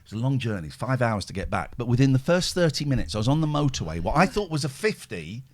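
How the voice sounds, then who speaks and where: A man's voice: medium pitch, very animated, quick pace. A man hosting a podcast, chatting casually and mocking himself as he jumps from one tangent to the next. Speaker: podcast host. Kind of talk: casual chat.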